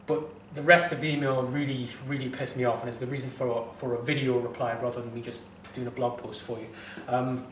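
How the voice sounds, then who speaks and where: A man's voice: mid-range voice, level tone, brisk, few pauses, a bit bright, roomy sound, distant mic, a little hiss or hum. A fitness instructor talking straight to camera, heated and blunt, swearing as he gives advice. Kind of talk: direct-to-camera advice vlog.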